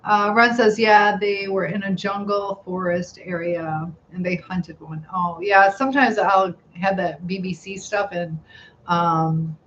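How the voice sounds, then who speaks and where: Reading out viewer comments on her casual live stream, a middle-aged woman chats and giggles in a lowish, steady voice that's a bit bright and a little slow. The sound is slightly dull lo-fi with faint noise behind it.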